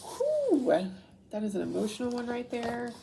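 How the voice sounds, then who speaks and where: A young tarot reader does a casual reading and reads aloud from a book, often getting emotional, laughing through tears and apologizing repeatedly. Her voice is high and creaky with huge pitch swings at a measured pace, over a noisy background.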